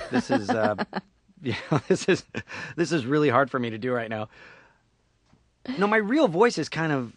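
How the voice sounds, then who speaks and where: A man's voice: a little high, big pitch swings, normal speed, long pauses, a bit bright, no echo. Jokey middle-aged man, dry studio sound. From Syracuse, New York. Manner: jokey, slips into put-on voices and impressions. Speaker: voice actor guest. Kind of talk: casual interview chat.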